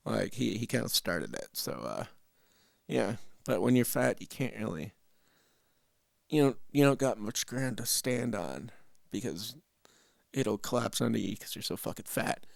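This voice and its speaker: A man's voice: fairly low pitch, big pitch swings, a little slow, vocal fry, no echo, studio quality. A young man from Canada hosting a casual reaction show, rambling with profanity and frequent restarts. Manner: rambling, profane, self-interrupting. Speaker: host.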